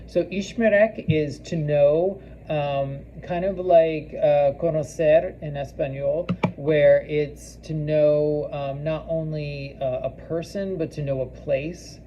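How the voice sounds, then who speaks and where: A man teaching a recorded class lesson, halting with many ums and restarts and repeating foreign phrases slowly for practice. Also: on the high side, steady tone, mellow, dull audio, slight background noise. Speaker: language teacher.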